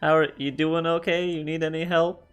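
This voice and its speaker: A man's voice: a little high, level tone, normal speed, smooth, faint music behind. A man playing in a tabletop game, talking in an easygoing, casual way with hesitant starts. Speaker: player. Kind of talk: casual tabletop role-play.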